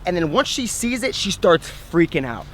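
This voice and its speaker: A young man talks straight to camera outdoors, telling a story in an animated, chatty way and laughing at himself. His voice sits fairly high for a man. Faint outdoor noise runs underneath. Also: normal speed. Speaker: fitness vlogger.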